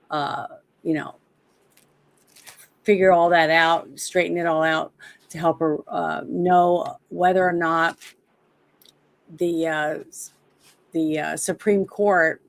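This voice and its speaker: A woman hosting a livestream, giving casual political commentary in a halting way with many fillers, her throat dry and scratchy. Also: fairly low pitch, gravelly, no room sound. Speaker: livestream host.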